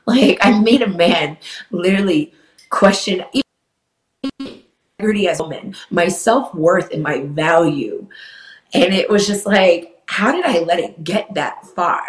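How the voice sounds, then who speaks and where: A woman's voice: on the low side, animated, unhurried. Woman telling a painful story in a roomy space. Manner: candid, swearing, voice rising as she gets upset. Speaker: guest. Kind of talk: emotional personal storytelling. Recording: roomy echo.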